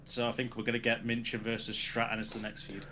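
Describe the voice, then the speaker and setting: A man's voice: medium pitch, monotone, fast talker, heavy background noise. A man co-hosting a casual wrestling podcast, sarcastically recapping the week's shows. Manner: sarcastic, recaps segments with acted quotes. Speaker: podcast co-host.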